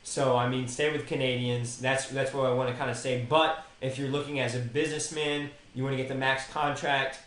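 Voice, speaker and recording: A man's voice: medium pitch, level tone, fairly quick, hardly any pauses, a bit bright. A young man co-hosts a casual sports podcast. He gives his opinions and speaks directly to the players he discusses. His voice carries a roomy echo. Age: young adult. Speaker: podcast co-host.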